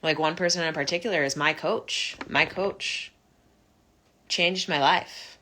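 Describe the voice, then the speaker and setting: Brief: young woman, low pitch, bright forward tone, earnest personal vlog confession with halting restarts. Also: steady tone, slight background noise. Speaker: vlogger sharing her recovery story. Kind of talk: personal reflective monologue.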